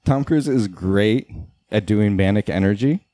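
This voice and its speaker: A man's voice: lowish voice, unhurried, dark tone, no echo. A man co-hosting a casual movie commentary, rambling and laughing often.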